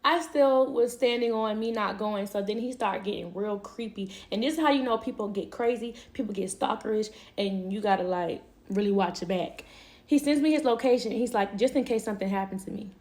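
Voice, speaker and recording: A woman's voice: medium pitch, moderate pace, darkish tone. A young woman telling a personal story in a casual, candid way, swearing and laughing easily.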